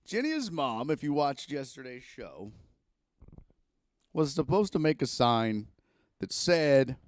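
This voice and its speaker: A man's voice: mid-range voice, slow pace, pauses often, dry recording. A man hosting a casual sports talk livestream, rambling and swearing freely into a microphone plugged into a camera. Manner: profane, animated rambling. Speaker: sports talk show host.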